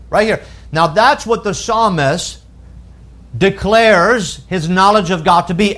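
A man's voice: high-pitched, a bit bright. A man preaching a sermon, emphatic, often rising in force as he stresses a point and reading scripture aloud. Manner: reads scripture in old-fashioned wording.

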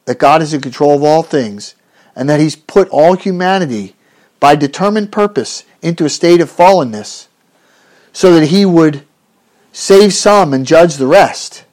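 A man delivering an expository sermon, his voice sitting a little high. He speaks earnestly and emphatically, pressing his rhetorical questions and often restarting his phrases as he goes. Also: animated, measured pace, darkish tone. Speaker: preacher.

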